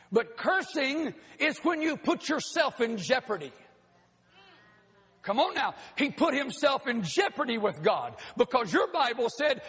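High, husky preacher in a reverberant hall. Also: male voice, fairly bright tone. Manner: folksy, joking asides to the congregation. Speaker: pastor. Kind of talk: sermon. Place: church sanctuary.

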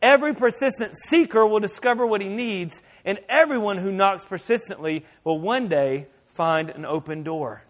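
Pastor guy preaching, high voice, gets loud and acts stuff out. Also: moderate pace, hardly any pauses. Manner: animated preaching, mimics voices and shouts for effect. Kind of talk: sermon.

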